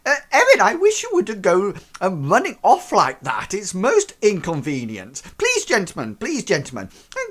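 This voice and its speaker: A man voicing a fussy, flustered wealthy father who speaks in hesitant bursts that jump high. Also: fairly bright tone, full character voice.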